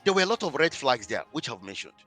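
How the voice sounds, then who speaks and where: A man's voice: medium pitch, big pitch swings, quick pace, fairly bright tone, faint music behind. A man working as a marriage coach tells a client story in a podcast interview, stressing his points by repeating key phrases.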